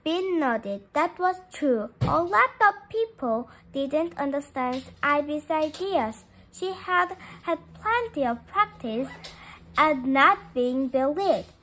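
A woman reads a children's story aloud, her high voice bouncing up and down with lots of expression. She takes it slowly and carefully, with a bright, clear tone. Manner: lively, expressive read-aloud with small slips. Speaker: storybook reader. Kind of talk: reading a children's chapter book aloud.

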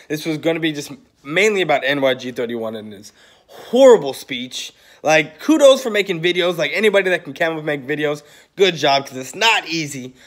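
A man vlogging a profane sports-fan rant, heated and sarcastic with frequent swearing. His voice sits a bit higher than most men's. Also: fairly bright tone.

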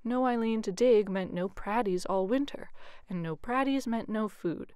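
A woman, a youth ministry coordinator, reading a bedtime story aloud with expressive, often hushed narration. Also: mid-range voice, moderate pace, clean tone, no echo, studio quality.

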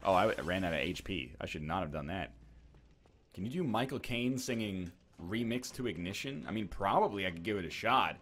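A man hosting a casual chat while gaming, with quick joking banter. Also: low-pitched, expressive, a bit bright, a little hiss or hum. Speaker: host.

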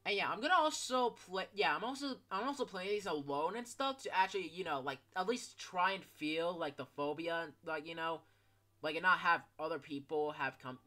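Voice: mid-range voice, bright, forceful tone. A fourteen-year-old gaming YouTuber giving casual gameplay commentary, rambling with lots of fillers and casual swearing.

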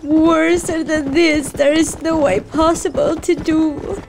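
Crying woman streamer, high voice, slow delivery, emotional and outspoken, loud noise behind. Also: fairly even intonation, gravelly. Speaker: gaming streamer. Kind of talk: emotional reaction commentary. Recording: noisy game audio behind.

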